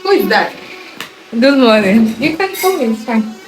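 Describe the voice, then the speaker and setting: Young woman vlogger gushing over stuff, slow and a bit high, echoey room, mic kinda far. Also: soft background music. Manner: excited, gushing, slangy. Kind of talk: casual vlog chat.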